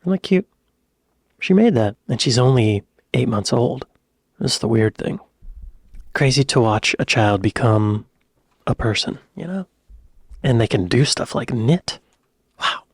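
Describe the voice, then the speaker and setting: A man's voice: mid-range voice, animated, measured pace, long pauses, slightly rough, no room sound, studio quality. An American man with an American accent, hosting a reaction video in a chatty, rambling, easygoing way. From United States. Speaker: reaction channel host. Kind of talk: casual reaction chat.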